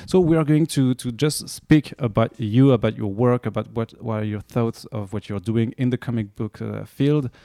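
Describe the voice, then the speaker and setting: A French man hosting a casual podcast interview, speaking with a French accent and pausing often with fillers. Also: medium pitch, mellow, no echo, clean studio sound. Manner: halting, frequent filler pauses. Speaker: podcast host.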